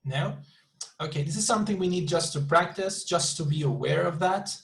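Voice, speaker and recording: A man's voice: a little high, normal speed, creaky, rough recording. A man with a slightly raised voice teaches an online English class over a video call. He explains patiently, repeats words often and keeps checking that students follow. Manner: repeats words often, says "you see" and "super" a lot.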